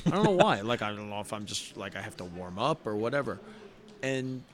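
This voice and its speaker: A man's voice: fairly low pitch, a little fast. A middle-aged man, a poker player guest on a show, telling personal stories in an earnest, heartfelt way with frequent restarts. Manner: heartfelt, earnest, animated retelling with many restarts. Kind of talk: conversational storytelling.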